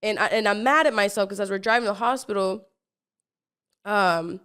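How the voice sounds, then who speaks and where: A woman's voice: mid-range voice, normal speed, clear, resonant tone. A young woman in her twenties hosting a podcast, telling a wild personal story in a casual, rambling way, full of stumbles, restarts and fillers, acting out what people said. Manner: animated, acts out what people said. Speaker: podcast host.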